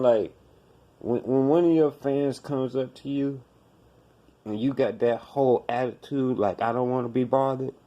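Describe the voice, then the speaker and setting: A man rants on his own podcast, blunt, profane and scolding. His voice is mellow and warm rather than bright, and his pitch sits at an average height for a man. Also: dull audio. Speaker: podcast host. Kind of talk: profane commentary rant.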